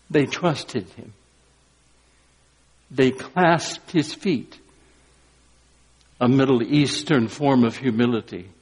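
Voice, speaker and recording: A man preaching an Easter sermon as pastor, moving from quiet, deliberate emphasis to joyful exclamations. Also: mid-range voice, breathy edge. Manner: swings from quiet emphasis to exuberant exclamations, briefly sings. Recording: long hall reverb.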